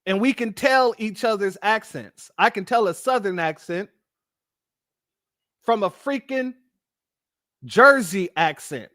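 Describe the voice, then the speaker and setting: A man from California with a Californian accent, hosting a live stream and reacting to chat in an animated storytelling way, laughing often. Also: high-pitched, slow, long pauses, no room sound, clean studio sound. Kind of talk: casual live-stream commentary.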